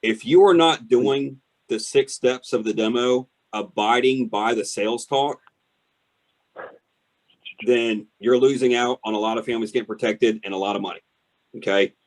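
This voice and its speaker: A man's voice: medium pitch, moderate pace. A man coaching salespeople emphatically on a team call. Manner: emphatic, direct coaching with "y'all". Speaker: sales trainer.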